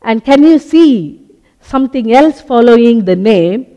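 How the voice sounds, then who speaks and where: Man, sermon, very high-pitched, unhurried phrasing, reverberant hall. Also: lively intonation, warm tone, lo-fi sound. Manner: slow, deliberate teaching with many short pauses. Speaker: preacher.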